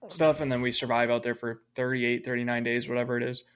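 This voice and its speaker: A man's voice: medium pitch, little pitch movement, quick pace, fairly bright tone, clean tone. A man co-hosting a podcast, chatting casually and laid-back, often in brief replies. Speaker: podcast co-host. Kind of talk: casual chat.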